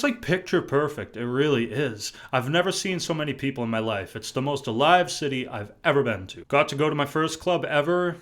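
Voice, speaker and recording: A young man from New England chats straight to his camera in a relaxed vlog. His voice sits at an ordinary middle pitch, and he rambles with restarts and casual swearing. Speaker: vlogger.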